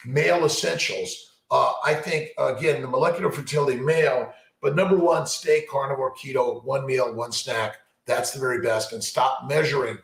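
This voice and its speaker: Gravelly, rambling upbeat male doctor. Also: mid-range voice, fairly bright tone, reverberant, poor audio. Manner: upbeat, repetitive, motivational, many fillers and restarts. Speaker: fertility doctor hosting a live Q&A. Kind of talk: rambling live-stream chat answering viewer questions.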